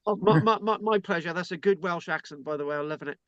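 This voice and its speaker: British man hosting an online class, higher voice, chatty and jokey, dry dull call sound. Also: quick pace, fairly bright tone, dry recording. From Britain. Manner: chatty, joking, frequent restarts. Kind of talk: informal online lecture. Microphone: video call.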